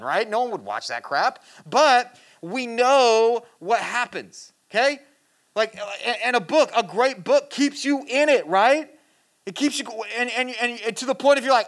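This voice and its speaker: A preacher giving a sermon in a casual, earnest way, reading scripture and talking to the listeners directly. They often restart and repeat words, and they drop into a quiet, low voice to stress a point. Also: expressive, normal speed. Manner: addresses the listeners directly as "guys" and asks for "amen"; drops to a quiet, low voice for emphasis.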